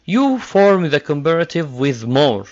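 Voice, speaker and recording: Slow-talking male English teacher. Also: on the high side, big pitch swings. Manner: slow, repetitive drilling of word pairs. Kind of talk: classroom grammar lesson. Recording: dull lo-fi recording.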